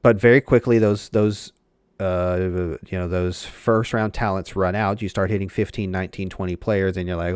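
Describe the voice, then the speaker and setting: A man with a low voice explains drafting strategy in a relaxed, measured way, as if walking a friend through it. The recording is dry and close-miked. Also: smooth, no room sound. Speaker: podcast co-host. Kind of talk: casual fantasy football chat.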